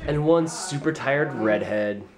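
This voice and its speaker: A man vlogging casually on a handheld camera in a family house, joking and teasing in quick banter. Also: mid-range voice, over a noisy crowd. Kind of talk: casual vlog chat. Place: family house during the holidays.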